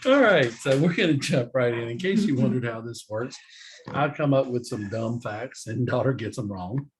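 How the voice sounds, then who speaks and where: A man's voice: medium pitch, animated, moderate pace. A middle-aged man, hosting a casual chat, joking and laughing as he tells silly facts. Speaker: podcast host. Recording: faint background noise.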